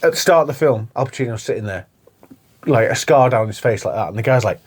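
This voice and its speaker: A man's voice: medium pitch, animated, quick pace, breathy edge. A man co-hosting a podcast in casual chat, acting out film lines and laughing often. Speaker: podcast co-host.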